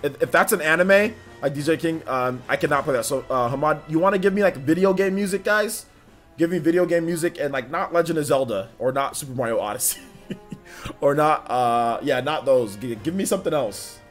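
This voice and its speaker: A man's voice: a little high, fairly quick. A man hosting a livestream in a casual, rambling way, full of fillers and talking straight to his chat. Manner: rambling, filler-heavy, addresses chat directly. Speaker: livestream host. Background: faint background music.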